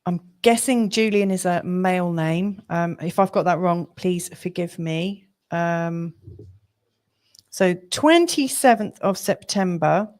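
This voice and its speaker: A woman's voice: on the low side, slow, darkish tone. A woman hosting a live-streamed astrology reading, chatty and rambling with lots of fillers, sympathetic and encouraging toward her viewers.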